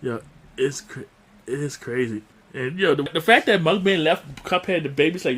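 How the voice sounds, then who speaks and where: A man co-hosting a casual podcast about a cartoon, speaking, animated and quick to laugh. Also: husky. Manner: animated, acts out cartoon lines in high squeaky voices, laughs often. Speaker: podcast co-host. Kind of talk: casual chat reviewing a cartoon.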